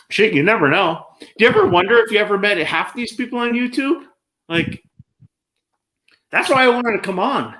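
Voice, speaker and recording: Man, casual live-stream chat, slightly higher voice, rambling, sarcastic. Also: slight background noise. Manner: sarcastic, rambling, animated storyteller.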